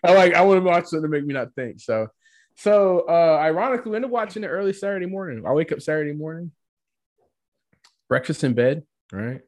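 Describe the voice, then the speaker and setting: Lively man rambling through a casual review. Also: fairly high pitch, fast. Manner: rambling, animated, frequent "right?" asides. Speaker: podcast co-host. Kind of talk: casual chat.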